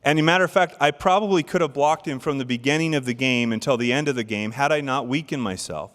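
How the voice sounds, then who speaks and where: A middle-aged church speaker gives a devotional address, telling stories and putting rhetorical questions to the audience. His voice is mid-range and a bit bright, and he talks fast. The recording carries a long hall reverb.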